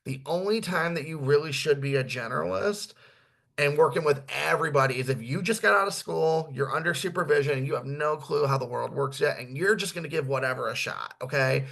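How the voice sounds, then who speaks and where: A man's voice: on the high side, brisk, creaky, a bit bright. A man who is a therapist, giving a blunt, casual training talk on marketing, swearing now and then and tagging his points with "right?".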